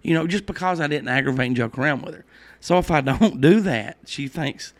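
Higher-voiced rambling male podcast host. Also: a little fast. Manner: rambling storyteller, laughs at his own jokes. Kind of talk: casual chat.

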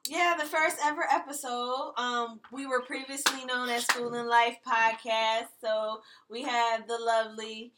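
A woman co-hosting a casual podcast, animated and quick to act out scenes. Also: fairly high pitch, noisy background. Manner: animated, quotes TV scenes loudly. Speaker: podcast co-host. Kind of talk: casual chat.

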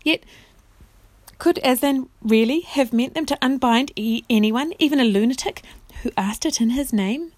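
A woman reading a storybook chapter aloud in a clear, expressive way. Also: high-pitched, normal speed, no room sound. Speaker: reader.

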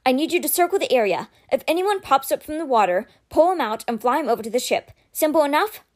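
A woman's voice: sits high, expressive, pitched above the performer's own voice. A woman reading the lines of a young male leader giving urgent orders to his team in a storybook. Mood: commanding. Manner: brisk commands to a team.

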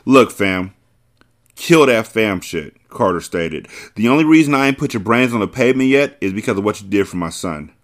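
A guarded, menacing crime boss, read by a man in a lowish voice, clipped and cold in his street talk. He is heard in an audiobook-style novel reading. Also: animated, moderate pace, close to an everyday voice. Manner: terse, threatening street talk.

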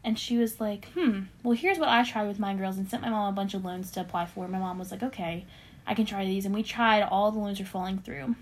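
A woman's voice: mid-range voice, brisk, slight background noise. Young woman telling a faith story. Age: young adult. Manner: animated storyteller with many fillers, acting out quoted voices. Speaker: podcast co-host sharing a testimony. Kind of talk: casual faith testimony storytelling.

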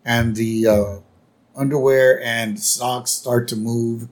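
A man's voice: mid-range voice, slow, a bit bright. A man co-hosting a podcast, narrating episode events in casual chat with fillers. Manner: narrates plot step by step, fillers, acts out lines. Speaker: podcast co-host.

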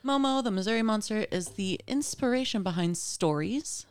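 A woman co-hosting a podcast, presenting her topic in casual chat with frequent fillers and pauses. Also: medium pitch, expressive, clear, resonant tone. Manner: hesitant, many fillers while reading notes.

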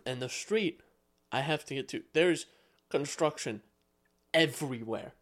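Blunt, grumbling man, fairly high voice. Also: measured pace, fairly bright tone. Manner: blunt, profane, grumbling rants. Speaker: podcast co-host. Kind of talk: casual chat.

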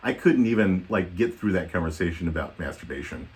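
A man's voice: sits low, expressive, fairly quick, a little mellow. Rambling man telling a dad story. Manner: rambling, self-deprecating, many ums and likes. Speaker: podcast co-host. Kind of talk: casual storytelling chat.

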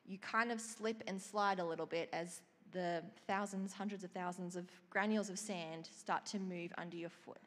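Woman, preacher, expressive storytelling sermon, middle pitch, reverberant hall. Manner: storytelling, expressive, with scripture reading. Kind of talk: sermon sharing a vision.

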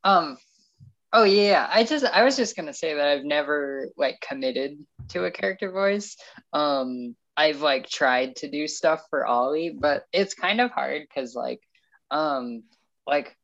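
A woman's voice: sits low, animated, unhurried, lo-fi sound. A woman co-hosting a casual chat, hesitant and full of fillers and restarts. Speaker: podcast co-host.

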